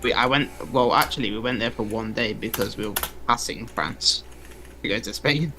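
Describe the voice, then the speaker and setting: A man's voice: mid-range voice, normal speed, sharp tone. A British man chatting casually, rambling with frequent laughs and restarts. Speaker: gaming companion. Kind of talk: casual chat.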